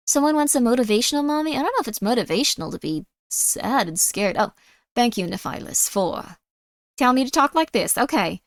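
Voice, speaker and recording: A woman's voice: a little high, animated, a little fast, no echo. A woman streamer chatting casually and bubbly with her viewers on a streaming mic. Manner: bubbly, chatty, reacting to chat.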